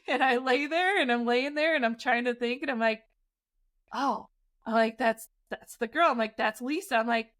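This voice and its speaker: A woman in her forties, a podcast co-host, telling a scary personal story in a casual, animated way, often laughing. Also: high-pitched, moderate pace.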